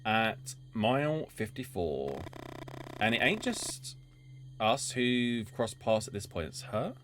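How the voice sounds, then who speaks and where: A man's voice: fairly low pitch, sing-song, slow pace, fairly bright tone. A man streaming a story game, reading its narration aloud and breaking off to chat and swear about what happens. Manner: reads narration evenly, then chats and swears in asides. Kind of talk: reading game text aloud with casual commentary. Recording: game music behind the voice.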